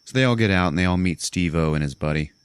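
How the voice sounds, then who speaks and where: A man hosting a casual podcast, walking through a movie's plot with animated asides and plenty of swearing. His voice is low. The sound is close and dry. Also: fast talker, clean tone, dry recording. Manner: animated storyteller, swears, laughs often. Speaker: podcast host. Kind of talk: casual movie recap chat.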